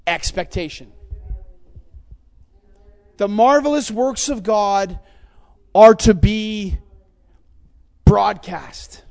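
A man with a notably high voice preaches with mounting passion. He swings between quiet, reflective stretches and loud, urgent calls to his listeners. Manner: passionate, rising to fervent exhortation. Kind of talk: sermon.

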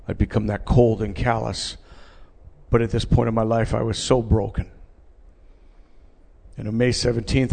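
A middle-aged man tells his personal story to a live audience in a gravelly voice. His earnest testimony drops to near-hushed passages and rises again to loud ones. His words ring out with the long reverb of a large hall. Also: mid-range voice. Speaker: speaker giving a personal testimony.

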